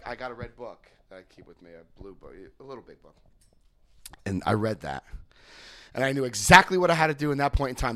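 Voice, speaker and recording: A man giving personal testimony and leading a recovery step study, telling stories with animated emphasis and repeated phrases. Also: medium pitch, no room sound. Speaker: recovery group speaker.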